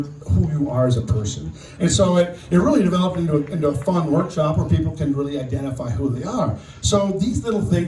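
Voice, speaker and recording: An older man giving a memorial speech as guest speaker, telling a personal story in a halting way, often repeating words. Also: fairly high pitch, a little mellow. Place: outdoor memorial gathering. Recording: distant echoey sound with faint noise.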